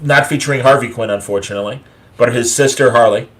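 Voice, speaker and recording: A man hosts a relaxed online chat, talking at an ordinary pitch. He rambles through his points, full of fillers and self-corrections. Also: fast. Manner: rambling, filler-heavy listing with frequent uh and restarts. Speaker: podcast host. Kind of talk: casual chat.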